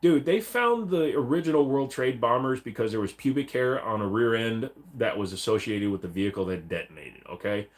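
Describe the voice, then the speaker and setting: Speaking a little fast with few pauses, a livestream host with a mid-range voice chats casually. He reads viewer comments aloud, mock-voicing the chat messages while rambling in a blunt, profane way.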